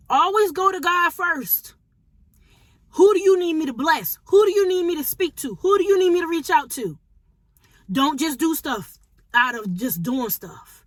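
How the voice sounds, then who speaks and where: Woman, high voice, informal preaching, emphatic, repeats for emphasis, dry close sound. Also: expressive, moderate pace, no room sound. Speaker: prophetic teacher.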